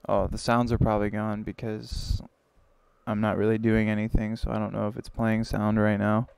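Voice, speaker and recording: A man's voice: on the low side, monotone, moderate pace, gravelly, darkish tone, clean tone, dry recording, poor audio. A young man livestreaming and telling a long joke in a rambling, self-interrupting way. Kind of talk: casual joke telling on a live stream.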